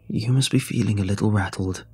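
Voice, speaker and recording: A man's voice: on the low side, a little fast, darkish tone, breathy edge, soft background music. A man voicing a serious, blunt male crewman who gives urgent warnings in a story reading. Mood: grave.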